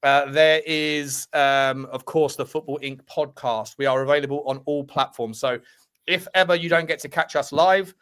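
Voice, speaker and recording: Man, football podcast co-host, casual rambling delivery, slightly raised pitch. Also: steady tone, moderate pace, a bit bright, clear, resonant tone. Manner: chatty, rambling, reads ad plugs.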